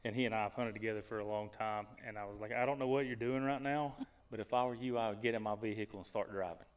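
A man hosting a casual podcast, telling a hunting story in a lively way and laughing as he goes. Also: on the low side, fast talker, clear, resonant tone.

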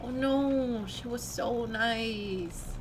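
A woman's voice: mid-range voice, fairly even intonation, a little slow, noisy background, natural voice. A woman voicing a drunk young female cat who rambles, slurs and apologizes over and over, read from a story game. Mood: drunk pleading. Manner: slurred, rambling, pleading.

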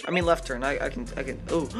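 Excitable young male gamer, lively voice. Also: on the high side, brisk. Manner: excitable, shrieks and laughs at the game. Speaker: gaming YouTuber. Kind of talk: let's-play commentary. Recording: game music playing loudly behind. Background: game music and sirens.

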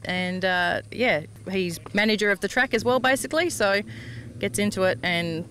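Bright-voiced woman outdoors. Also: mid-range voice, moderate pace, slight background noise. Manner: brief, easygoing replies. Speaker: lawnmower racer, guest. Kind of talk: casual chat.

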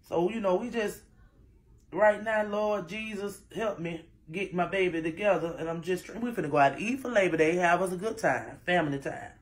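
A middle-aged woman, a mother chatting casually to her viewers while doing her daughter's hair, rambling and full of asides. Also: sits low. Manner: rambling, talks straight to viewers with frequent asides.

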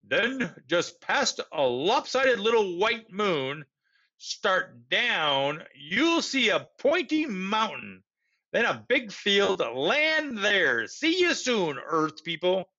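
A man voicing a commanding alien who speaks over a radio, slow and loud, on a dull lo-fi recording. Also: sits high, big pitch swings, exaggerated voice. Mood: grand. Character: booming alien voice from another planet.

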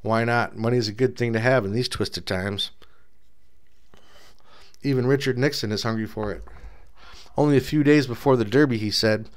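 Male audiobook narrator, dry and measured, low-key delivery. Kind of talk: audiobook narration of a first-person story.

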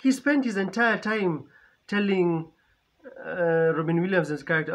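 A man's voice: sits high, steady tone, measured pace, fairly bright tone. A man giving casual reaction commentary on a film, chatty, laughing often and repeating phrases as he talks. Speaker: movie reaction reviewer.

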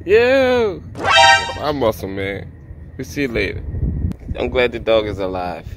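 A man's voice: fairly low pitch, moderate pace, loud music behind the voice. A man vlogging in casual chat, joking and laughing often.

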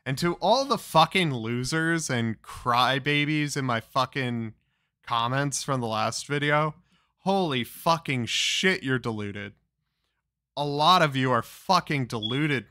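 A man's voice: medium pitch, pushed and bright, clear, resonant tone, no echo, studio quality. A man giving profane, mocking reaction commentary.

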